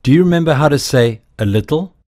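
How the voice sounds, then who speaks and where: A man giving slow, deliberate, scripted narration as the narrator of a language course. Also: fairly high pitch, animated, darkish tone.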